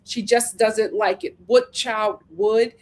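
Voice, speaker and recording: A woman's voice: medium pitch, slow. Sassy woman recapping reality TV. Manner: sassy, animated, laughs often. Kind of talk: casual recap chat.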